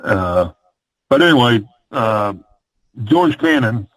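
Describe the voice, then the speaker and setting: A man's voice: mid-range voice, lively intonation, slow pace, a bit bright, no echo, rough recording. An older man from the American Midwest, a retired wrestler, telling long stories in an interview, rambling with many fillers and restarts. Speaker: retired pro wrestler, guest. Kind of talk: storytelling interview.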